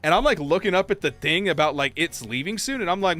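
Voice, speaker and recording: A young man livestreaming, casually telling a story while gaming, acting out quotes in high voices. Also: expressive, quick pace, pushed and bright. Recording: faint game music behind.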